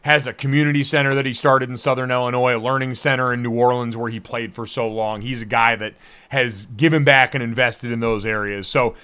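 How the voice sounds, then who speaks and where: A man's voice: medium pitch, a little fast, clean tone. Upbeat young man hosting a sports podcast. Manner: energetic, joking, swears casually. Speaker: podcast host. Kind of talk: casual sports podcast chat.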